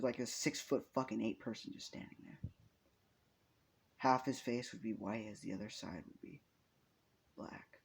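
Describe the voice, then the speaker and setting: A man's voice: fairly low pitch, vocal fry, a little hiss or hum. A young man improvising a fan story aloud, rambling and swearing, with frequent restarts.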